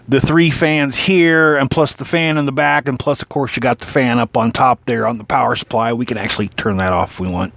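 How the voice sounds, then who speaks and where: With a mid-range voice and no echo, a hiccuping man shows the PC he put together himself. The walkthrough is casual and hands-on, filler-heavy and rambling, with sentences frequently started over and some mild swearing.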